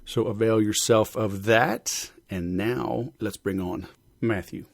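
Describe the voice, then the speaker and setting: A man's voice: fairly low pitch, takes it slowly, creaky, dry recording, clean studio sound. A man hosting a sales podcast in a loose, rambling, joking manner with many fillers. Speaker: podcast host. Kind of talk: casual podcast chat.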